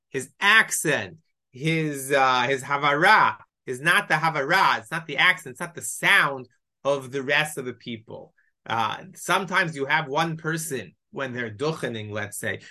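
A man teaching a Bible lesson, lively and explanatory, reading Hebrew verses and explaining them in English. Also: medium pitch. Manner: animated, mixes Hebrew quotes with English explanation. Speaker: Torah teacher.

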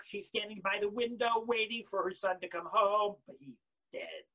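High, bright-voiced man preaching with passion. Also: fairly even intonation, normal speed, dull audio. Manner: swings from loud shouting to near-whispered lows; acts out quoted voices and excuses. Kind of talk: impassioned sermon.

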